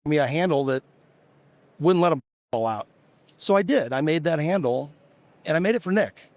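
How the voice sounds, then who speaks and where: A man's voice: a little high, lively intonation, normal speed, a little mellow, no echo. A middle-aged American man, a business founder, casually telling rambling stories with quoted dialogue in a podcast interview. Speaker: guest, tool company founder.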